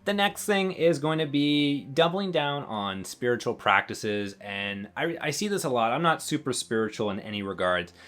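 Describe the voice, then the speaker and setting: A man talking casually to camera in a relaxed, rambling way, with many fillers and small laughs. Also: mid-range voice, normal speed, few pauses. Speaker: channel host.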